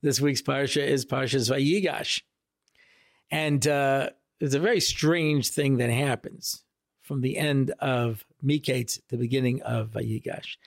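A rabbi gives his weekly Torah talk slightly slowly with vocal fry, recorded dry with clean studio sound. He's casual, animated and jokey, acting out quotes with big pitch jumps.

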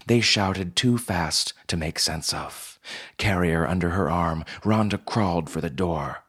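A man with a husky voice reading a story in measured, steady scripted narration. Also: low voice.

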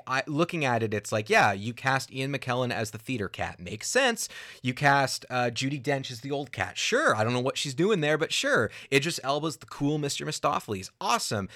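A young adult man co-hosting a podcast, chatting casually in an animated, rambling and sarcastic way. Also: mid-range voice, fairly quick. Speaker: podcast co-host. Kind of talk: casual chat.

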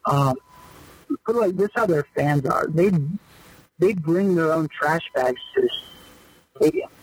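A man's voice: fairly high pitch, measured pace, breathy edge, no room sound, rough recording. A man in a casual podcast interview, loosely telling stories of his pro baseball days with many fillers. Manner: loose, animated storyteller with lots of fillers. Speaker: guest, former pro baseball player.

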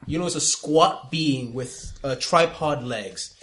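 A man running a tabletop game as game master, describing scenes slowly with halting fillers. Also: a little high, a bit bright.

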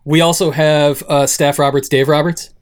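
A man hosting a podcast, joking and talking fast in casual banter with his co-hosts. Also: fairly high pitch, flat delivery. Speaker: podcast host.

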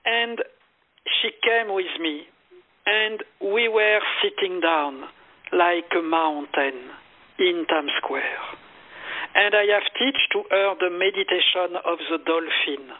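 A man with a high voice talks slowly and earnestly as a meditation teacher, stressing and repeating his key phrases. His voice comes through a narrow, tinny phone-line sound. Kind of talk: interview storytelling. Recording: phone-line call audio.

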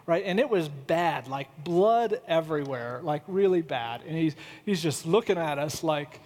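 A man with a high voice preaches in an easy, chatty way, slipping into funny storytelling. His words carry the long reverb of a large church hall. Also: animated, normal speed, few pauses, a little mellow. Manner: conversational, humorous storytelling. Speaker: pastor. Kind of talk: sermon.

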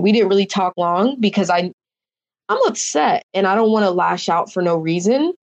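A woman's voice: mid-range voice, expressive, a little fast, dull audio. A young woman, a reality show contestant, rambling emotionally through her story in a casual interview.

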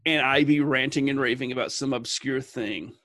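A man in a casual group chat, ranting with lots of swearing and a lively, joking manner. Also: mid-range voice, moderate pace, no room sound, clean studio sound. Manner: profane, animated ranting.

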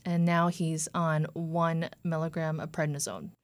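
A woman in her thirties tells her story in an earnest, lively way. Her voice sits low, and the recording is dry and close. She often quotes what others said to her. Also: a little slow, no room sound. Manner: earnest, retelling with quoted dialogue. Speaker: guest. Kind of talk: personal story in an interview.

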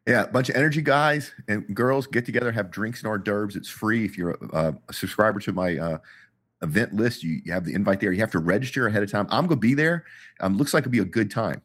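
Deep, fast-talking man. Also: a bit bright. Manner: upbeat, promotional, hesitant with fillers. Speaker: podcast host and industry expert. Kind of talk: casual podcast chat.

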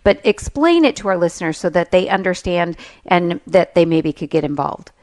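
Woman, radio co-host, calm interviewer, lowish voice. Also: normal speed.

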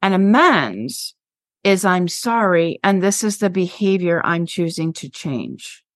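In a dry, studio-quality recording, a woman in her sixties with a lowish, sing-song voice speaks a little slowly. A veteran health teacher appearing as a podcast guest, she passionately relates classroom stories with plenty of emphasis.

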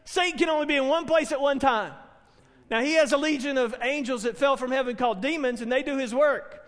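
A man's voice: very high voice, brisk, fairly bright tone, big-room sound. A man preaching a sermon, telling stories earnestly and building to emphatic proclamations. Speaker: pastor.

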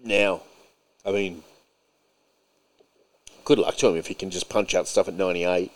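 Man, low voice, sarcastic, ranting, casual podcast co-host. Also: steady tone, normal speed.

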